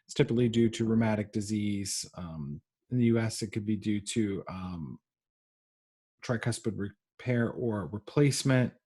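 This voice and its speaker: A man giving a recorded medical lecture, pausing often with ums and uhs. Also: on the low side, warm tone, husky. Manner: halting, frequent ums and uhs.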